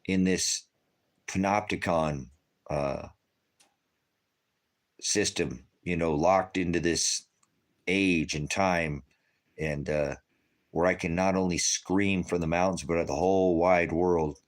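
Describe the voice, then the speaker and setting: A man's voice: deep voice, steady tone, slow, pauses often. An older man giving an emotional, rambling spiritual testimony, laughing and tearing up as he preaches. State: tearful.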